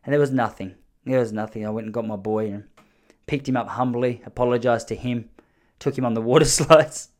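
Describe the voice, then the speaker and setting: A man in his thirties with an Australian accent tells a funny personal story at a slightly quick clip in a medium-pitched voice. He rambles, corrects himself and throws in sheepish asides as casual comic storytelling.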